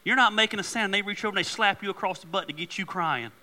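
A middle-aged male pastor preaching a sermon, an animated, joking storyteller who turns earnest. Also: high voice, fast.

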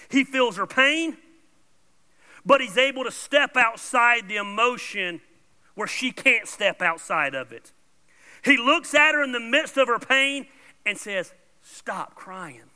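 A male pastor with a high, very bright, sharp-edged voice preaches a sermon. He talks bluntly and informally, jumping from loud emphatic bursts to soft asides. The sound has the long reverb of a large church hall.

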